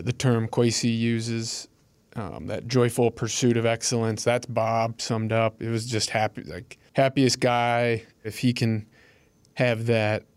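A man speaking in a relaxed, casual way about his mentor. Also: mid-range voice, clean tone, dry recording. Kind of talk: reflective interview remarks.

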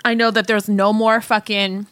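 A woman's voice: mid-range voice, flat delivery, moderate pace, a bit bright, smooth, dry recording. Giggly casual woman podcast host. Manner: giggly, playful, swears casually. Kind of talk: casual chat.

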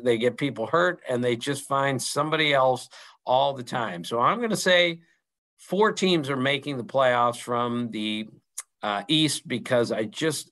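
Man, 60s, Maryland-raised baseball reporter; bright, earnest guest voice, easy laugh. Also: medium pitch, rough recording. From Maryland, USA. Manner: earnest, opinionated, laughs easily. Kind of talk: podcast interview, casual chat.

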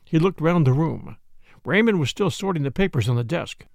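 Gravelly, expressive male audiobook narrator. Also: fairly high pitch, normal speed, no echo, studio quality. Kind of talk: first-person mystery narration.

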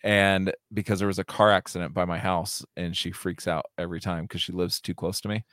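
American dude on a podcast, kinda low voice, cusses a ton, laughs a lot, super dry mic. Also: male voice, flat delivery, brisk, fairly bright tone, no echo. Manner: swears a lot, laughs often; calls everyone dude. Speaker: podcast co-host. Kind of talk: casual chat.

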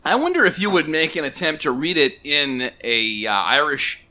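A man co-hosting a podcast in casual chat, with quick, wry asides and frequent chuckles. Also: fairly high pitch, animated, bright, forceful tone. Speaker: podcast co-host.

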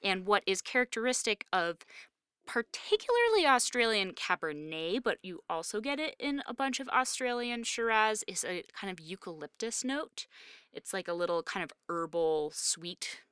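A woman's voice: medium pitch, big pitch swings, normal speed, bright, forceful tone, clear, resonant tone, dry recording, clean studio sound. A woman co-hosting a podcast in casual chat, talking knowledgeably with plenty of "um" and "like". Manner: chatty, frequent "um" and "like", knowledgeable about wine. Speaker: podcast co-host discussing wine and film.

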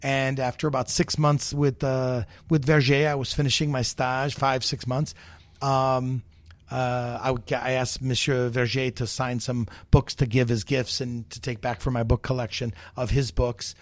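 A man's voice: medium pitch, moderate pace, no room sound. A middle-aged American man, a chef and guest, telling long stories with fillers and acted quotes. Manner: animated storyteller, many fillers, quotes others. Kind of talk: storytelling interview chat.

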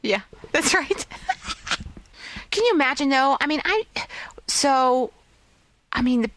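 A woman's voice: sits high, expressive, slow pace, fairly bright tone, no echo. A woman co-hosting a fan podcast, giggly and self-mocking in casual chat. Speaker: podcast co-host.

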